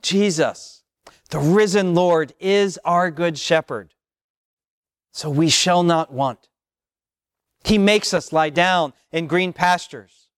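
Pastor guy preaching real slow, a bit high voice, dry sound. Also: clear, resonant tone, dry recording. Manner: slow, measured preaching with repeated phrases and long pauses. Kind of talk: sermon.

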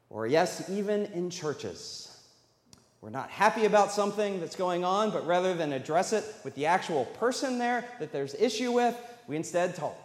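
Male pastor, slightly high voice, chatty sermon delivery, echoey church hall. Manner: conversational, asks the congregation questions. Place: church sanctuary. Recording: echoey hall, long reverb.

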